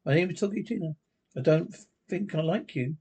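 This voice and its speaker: A woman's voice: fairly low pitch, fairly quick, warm tone, slightly rough, lo-fi sound. A woman voicing a talking girl doll that turns from sweet to threatening, in a sing-song recorded voice, in a classic television drama. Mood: menacing.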